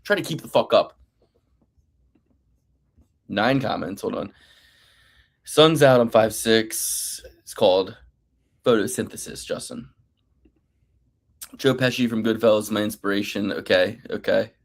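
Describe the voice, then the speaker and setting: A man's voice: lowish voice, a little slow, gravelly, pauses often. A man co-hosting a casual sports podcast who swears freely and jokes with mocking impressions. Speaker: podcast co-host. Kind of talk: casual sports betting chat.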